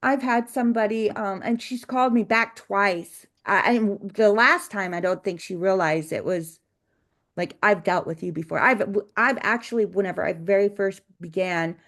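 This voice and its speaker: A woman co-hosting a casual business podcast, telling work stories in a chatty, meandering way. She restarts her sentences often and keeps a steady, mid-range pitch. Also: moderate pace. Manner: chatty storytelling with frequent restarts and laughs. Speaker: cleaning business owner, co-host.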